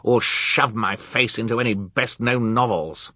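A man's voice: mid-range voice, a little slow, bright, forceful tone, dry recording, clean studio sound, pitched above the performer's own voice. A man voicing a greedy, villainous count who snarls and roars threats in a storybook reading. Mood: menacing. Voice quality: snarling, menacing.

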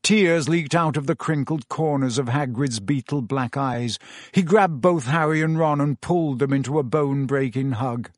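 A man narrating a story aloud in a steady, even audiobook reading. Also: medium pitch, moderate pace, no room sound, clean studio sound.

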